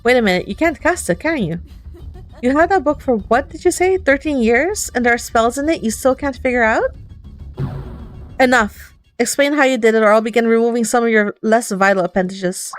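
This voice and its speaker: A woman's voice: fairly high pitch, fairly quick, close to an everyday voice. Cruel witch aunt, cold and menacing, woman doing her, game music faint underneath. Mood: impatient. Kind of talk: voicing a visual novel playthrough.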